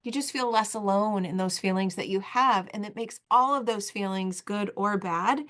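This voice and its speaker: Hosting a solo podcast episode, a woman in her forties speaks with earnest, heartfelt conviction, repeating phrases to hammer her points home. Her pitch is mid-range for a woman, her pace moderate, and her tone fairly bright.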